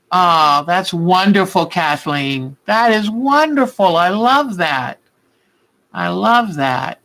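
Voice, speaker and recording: In a rough recording, an older woman with a mid-range, fairly bright voice hosts a live quilting-channel chat. Casual and heartfelt, she calls her viewers by name and frequently laughs, clearly moved.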